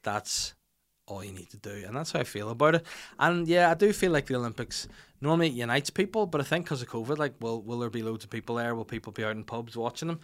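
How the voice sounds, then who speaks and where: A young man hosting a podcast, telling a rambling, self-mocking story and getting louder when he quotes himself. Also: mid-range voice, quick pace. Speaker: podcast host. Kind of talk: casual chat and anecdote.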